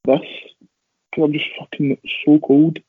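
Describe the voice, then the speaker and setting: A man's voice: a little high, little pitch movement, unhurried, breathy edge, no room sound. A young Scottish man, a professional wrestler, chatting casually and rambling with self-deprecating asides. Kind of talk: casual podcast chat. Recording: dry, phone-like lo-fi audio.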